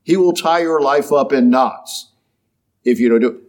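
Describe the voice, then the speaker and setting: A man's voice: mid-range voice, normal speed, a little mellow. A man preaching a sermon in a conversational way, often checking in with "okay?" and briefly acting out the people he quotes. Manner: conversational, acts out quoted voices, frequent "okay?" and "yeah?".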